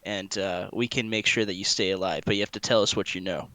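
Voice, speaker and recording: A man's voice: low voice, fairly even intonation, fast, sharp tone, dry recording. A man voicing a male adventurer who coaxes and threatens a goblin, in a tabletop game. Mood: coaxing.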